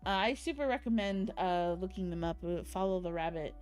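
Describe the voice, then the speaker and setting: A woman's voice: lowish voice, lively intonation, brisk, a little mellow, smooth. Young woman streamer, casual and chatty, cutesy baby-talk words, faint music behind. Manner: bubbly, rambling, giggly, cutesy baby talk. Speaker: streamer recapping an event. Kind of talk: casual chat.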